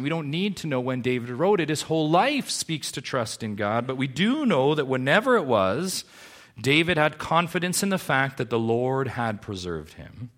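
A man's voice: medium pitch, fairly bright tone. Male pastor mid-sermon at a church service, mid-range voice, emphatic delivery that keeps asking the congregation questions. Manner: emphatic preaching with rhetorical questions.

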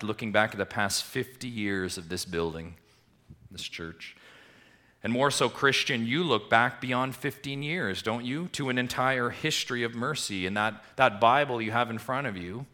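Delivering a sermon to his church, a fairly low-pitched pastor asks rhetorical questions, his voice alternating between forceful surges and hushed dips.

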